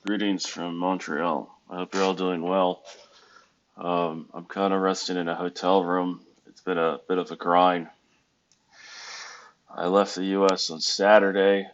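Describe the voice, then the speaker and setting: A man's voice: low voice, flat delivery, unhurried, lo-fi sound. A tired man from the United States talking casually in a rambling, self-correcting, wry way from a hotel room. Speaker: vlogger. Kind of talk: casual vlog monologue.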